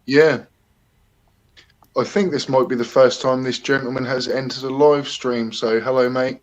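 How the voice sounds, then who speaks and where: A man's voice: medium pitch, fairly even intonation, moderate pace, dull audio. A man hosting a casual live stream, chatty and a little hesitant, greeting viewers by name. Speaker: livestream host.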